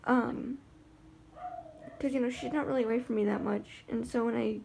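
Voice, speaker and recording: A woman vlogging in an easy, rambling way, full of "um"s and "like"s and restarts. Her voice sits a bit high and has a gravelly fry to it. The tone is husky rather than clean. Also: fairly even intonation, moderate pace, a little mellow. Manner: chatty and rambling, many fillers and restarts. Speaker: vlogger with a guide dog. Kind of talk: casual vlog chat.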